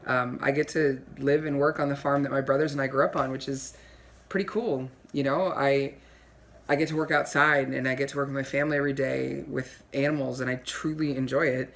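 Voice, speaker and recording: A woman's voice: very deep voice, fairly even intonation, brisk, a little hiss or hum. A woman from Pennsylvania, a dairy farmer, explaining her work in an earnest, friendly, matter-of-fact way. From Pennsylvania, USA. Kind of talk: casual explaining in a comedy sketch.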